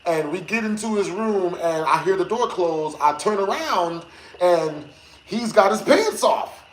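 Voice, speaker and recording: A man streaming games who tells a story to his chat in a lively, slangy way, laughing often and swearing. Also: high voice, measured pace. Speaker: gaming streamer. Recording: echoey room with faint noise.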